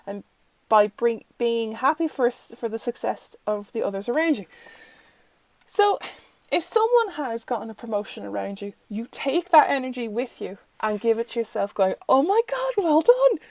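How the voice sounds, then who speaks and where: A woman's voice: a little high, expressive, normal speed, darkish tone, no room sound, low-quality recording. An Irish woman reviewing a tarot deck in casual, rambling chat, full of fillers and self-corrections. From Ireland.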